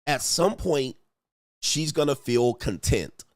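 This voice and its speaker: Animated man reacting in casual commentary. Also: mid-range voice, takes it slowly, no echo. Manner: animated, slangy, mocks others in put-on voices. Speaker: relationship commentary host.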